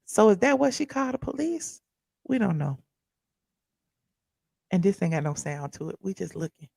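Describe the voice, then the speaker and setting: A woman's voice: mid-range voice, big pitch swings, moderate pace, creaky, mellow, husky, dry recording, studio quality. A woman hosting a casual commentary show, chatting loosely and reacting to viewers and a video as she talks. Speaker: host of a pop culture commentary channel.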